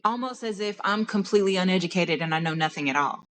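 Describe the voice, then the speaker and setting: A woman's voice: on the low side, lively intonation, fast, a bit bright. Podcast host: young woman from Dallas, Texan accent, candid, passionate monologue, frequent restarts. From Dallas, Texas. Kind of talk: personal monologue.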